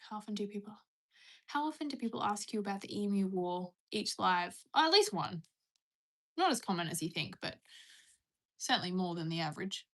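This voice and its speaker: A woman's voice: mid-range voice, lively intonation, fairly quick. Australian woman, live streamer, casual chat, reads out viewer questions, rambly and conversational. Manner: chatty, reads viewer questions aloud and rambles through answers.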